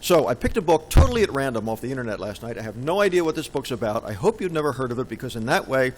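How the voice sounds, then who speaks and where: A man's voice: medium pitch, very animated, fast talker, noisy background. A man giving a conference talk in a session room, playful and jokey, often quizzing the audience. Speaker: conference presenter. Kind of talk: humorous conference presentation.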